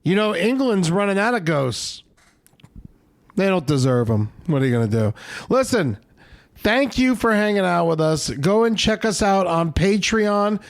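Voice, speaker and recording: A man's voice: high-pitched, big pitch swings, a little slow, dry recording. A man hosting a podcast, plugging tour dates in a loose, rambling, joking way. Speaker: podcast co-host. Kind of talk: casual show outro and tour plug.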